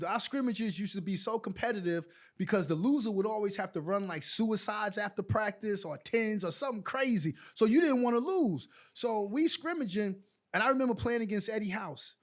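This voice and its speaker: A man's voice: high-pitched, normal speed. A man in his forties, a former basketball player, telling stories in a casual interview and acting out what others said. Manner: animated storyteller acting out quotes.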